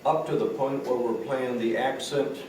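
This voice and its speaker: A man teaching drum rudiments, patient and explanatory as he counts out beats. He is picked up from a distance in a very echoey room. A steady layer of room noise sits under his voice. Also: mid-range voice, moderate pace. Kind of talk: recorded teaching session. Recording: roomy echo, distant mic, noisy.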